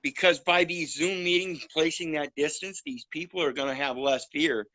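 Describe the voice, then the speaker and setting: Man, blunt and profane, preachy, higher voice, bright and forceful tone. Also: moderate pace, no room sound, low-quality recording. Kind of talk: casual chat.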